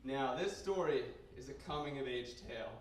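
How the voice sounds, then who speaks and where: A man's voice: mid-range voice, normal speed, crowd noise. Brash young man doing crude stand-up. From Canada. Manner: brash, crude, rambling storytelling with sudden loud outbursts. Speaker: stand-up comedian. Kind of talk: stand-up comedy set. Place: basement bar comedy night. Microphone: handheld stage mic recorded by a camera in the room. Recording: very echoey basement room, heard from a distance.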